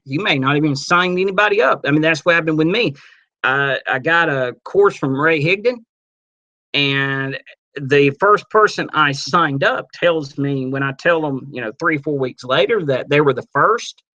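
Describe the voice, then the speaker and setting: A man teaching a webinar on network marketing, casual and energetic, acting out little sales dialogues as he goes. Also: a little high, dull audio. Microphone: computer mic on a webinar.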